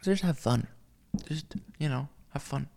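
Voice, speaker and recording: Gravelly man ranting casually. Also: mid-range voice, animated, measured pace, a little mellow. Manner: profane, ranting, with many fillers and restarts. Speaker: vlogger. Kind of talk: casual rambling monologue.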